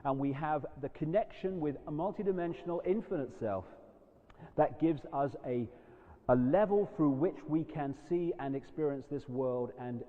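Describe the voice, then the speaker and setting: Male lecturer, animated and emphatic, mid-high voice, dull lo-fi hall recording with long echo. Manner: animated and emphatic, jumping between loud outbursts and quiet asides. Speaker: public speaker. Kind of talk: live lecture to an audience.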